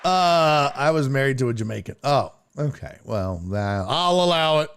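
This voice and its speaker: Animated, swearing livestream host, a man. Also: mid-range voice, moderate pace, clean tone. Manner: loose and profane, laughs often. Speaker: sports talk show host. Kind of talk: casual livestream chat, reading viewer comments.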